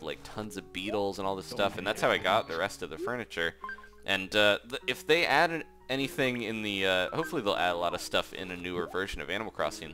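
A man talks his way through a video game in an easygoing, chatty way, reacting quickly to whatever pops up on screen. His voice sits on the low side. Clear game music plays underneath him the whole time. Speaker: let's play host. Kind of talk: casual gameplay commentary. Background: game background music.

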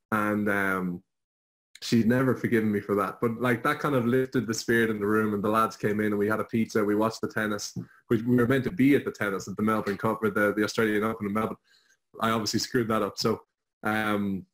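A young Irish man with a lowish voice, appearing as a guest on an online show, tells a personal story full of self-deprecating jokes. The audio quality is poor.

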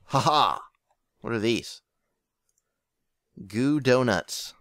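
A young man giving casual gameplay commentary as a channel host, excitable and often yelping in surprise. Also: medium pitch, slow, long pauses, no room sound. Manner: excitable, exclaims and yelps often.

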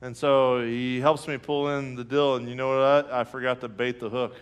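A man, preaching a sermon with lively storytelling and acted-out reactions. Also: medium pitch, normal speed, a little hiss or hum. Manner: storytelling, animated, acts out his own reactions; laughs through jokes. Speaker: pastor.

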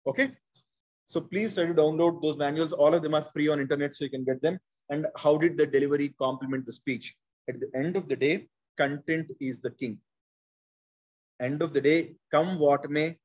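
A man in his forties with an Indian English accent runs a public speaking workshop as a conversational training session. His voice is a little high and husky, and his manner is animated and conversational. He repeats his key points and calls on listeners.

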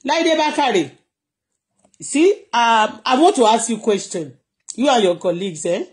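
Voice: mid-range voice, moderate pace. A blogger from Nigeria with a Nigerian accent, chatting casually on a live stream, laughing often and switching languages freely. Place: at home in Canada.

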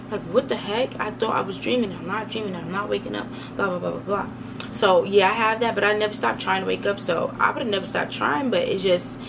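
Chatty woman vlogger, noisy background. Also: mid-range voice. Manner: chatty, rambling reactions. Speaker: channel host. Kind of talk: vlog commentary.

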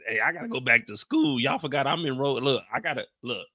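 Bright-voiced, laughing male YouTuber. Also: mid-range voice, sing-song, quick pace. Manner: loose and laughing, slangy, trails off into sighs. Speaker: YouTuber breaking down a TV show. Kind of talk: casual commentary.

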